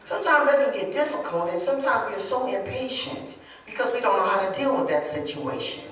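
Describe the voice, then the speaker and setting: A woman preacher, moving between loud shouted preaching and low, confiding talk in a sermon. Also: expressive, a little fast. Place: church. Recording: echoey church hall, distant mic.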